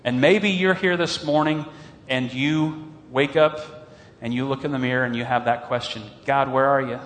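A man preaching a sermon as pastor, earnest and animated, slowing down on emphatic phrases. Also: medium pitch, long reverb tail.

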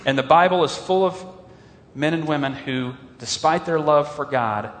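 A man preaching a sermon as pastor, earnest and animated, slowing down on emphatic phrases. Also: a little high, long reverb tail.

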